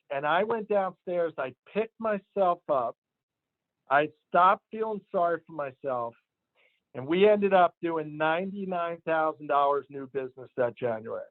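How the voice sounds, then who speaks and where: Male sales manager, emphatic motivational storyteller, slightly high pitch, dry and tinny audio. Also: no echo. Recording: tinny phone-line sound, dry.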